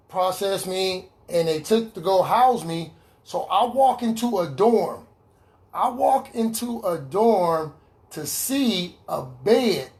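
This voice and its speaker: A man giving an earnest personal testimony in an online recovery meeting, repeating key lines for emphasis over a video call. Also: high-pitched. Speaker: recovery speaker sharing his story.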